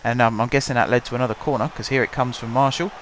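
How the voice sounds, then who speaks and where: Hoarse guy calling a football sim. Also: medium pitch, fairly even intonation, rapid-fire, fairly bright tone, a little hiss or hum. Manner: chatty, wry, calls the match play by play. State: hoarse from shouting. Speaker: gaming channel host. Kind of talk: casual let's-play commentary.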